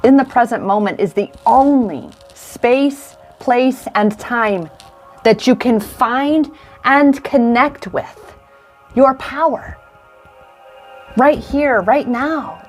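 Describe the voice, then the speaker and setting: A woman's voice: a little high, slow, faint music behind. A woman in her forties, an intuitive coach, giving a heartfelt, affirming card reading on a livestream. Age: 40s. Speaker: intuitive coach and tarot reader. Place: indoors in front of a camera.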